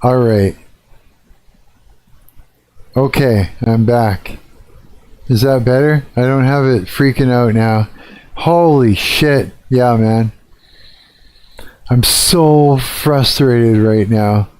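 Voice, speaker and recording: Slow-talking, frustrated male streamer. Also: mid-range voice, darkish tone, smooth, dry recording. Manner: frustrated, swearing, ranting. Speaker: live streamer. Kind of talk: casual live-stream chat.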